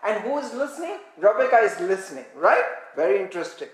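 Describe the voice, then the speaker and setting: Animated woman preacher in an echoey hall. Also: medium pitch, fast talker. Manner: animated, asks the congregation to repeat words, reads scripture aloud. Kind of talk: interactive sermon, teaching with call-and-response. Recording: echoey room.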